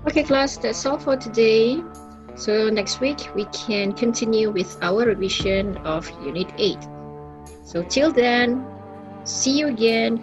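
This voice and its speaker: A woman's voice: on the high side, unhurried, a little mellow, dull audio, faint music behind. A woman English teacher, giving a recorded lesson and patiently repeating each example sentence.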